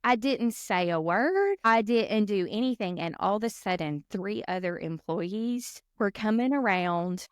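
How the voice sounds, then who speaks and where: A woman's voice: medium pitch, measured pace, hardly any pauses, clear, resonant tone, no room sound, clean studio sound. A woman co-hosting a casual chat podcast, telling stories and acting out the voices of people she quotes. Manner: animated storyteller, acts out quoted voices. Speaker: podcast co-host.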